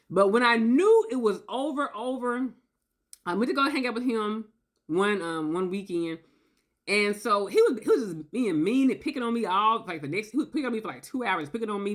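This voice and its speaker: A woman talking straight to her viewers in a casual, animated storytelling monologue, acting out quotes and often tagging points with "okay?". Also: medium pitch. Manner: animated, acts out quotes, tags lines with "okay?". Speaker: video creator.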